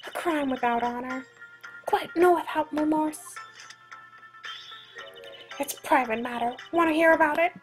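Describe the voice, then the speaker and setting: A woman's voice: sits high, a little slow, long pauses, faint music behind. A woman voicing a formal, cryptic neighbor woman in a video game, who speaks in clipped phrases.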